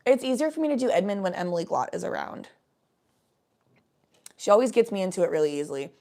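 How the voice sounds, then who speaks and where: A young woman with a gravelly, fry-touched voice at a middle pitch chats loosely with her viewers. Her talk rambles and she swears freely. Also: very animated, fast talker, warm tone. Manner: rambling, swearing, laid-back chat with viewers. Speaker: livestream host. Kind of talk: casual chat.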